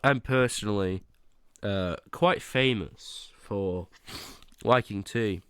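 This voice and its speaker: A man's voice: fairly low pitch, takes it slowly, a bit bright, smooth, no echo. A young man on a casual livestream who talks to his chat, swinging between playful mock outrage and fumbling apologies. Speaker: livestreamer ranking teas.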